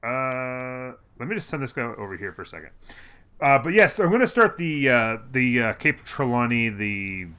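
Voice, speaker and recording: A man hosting a city-building gameplay video, chatting casually and thinking aloud as he plays, often pausing on fillers and correcting himself. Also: medium pitch, sing-song, bright, forceful tone, clean tone.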